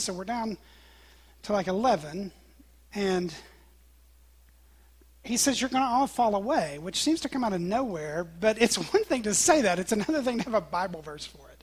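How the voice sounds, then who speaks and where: A man preaching a sermon, telling a story with animated quoted lines and sudden drops to a whisper. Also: sits high, normal speed, husky.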